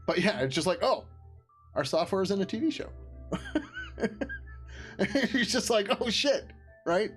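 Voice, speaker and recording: On a live stream, a man with a voice on the high side chats casually about his open source project. He rambles loosely, sounds tired, and now and then laughs and swears.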